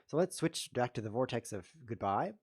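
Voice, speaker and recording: A man hosting his own show, commentating his chess games with playful mock-outrage, muttering one moment and loudly protesting the next. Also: medium pitch, animated, normal speed, husky. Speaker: host. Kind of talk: live chess game commentary.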